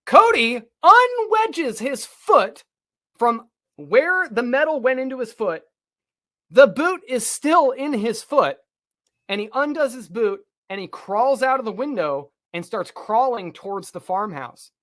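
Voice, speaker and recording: A man, a podcast co-host, telling a long personal story in casual talk, animated and swearing freely. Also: extremely high pitch, measured pace.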